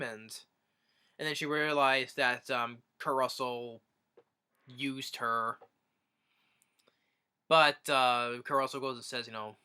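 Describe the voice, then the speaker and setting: Man, movie reviewer, casual plot recap, rambling, bright tone. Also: medium pitch, fairly even intonation, a little slow, clear, resonant tone. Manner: rambling, with many restarts and fillers.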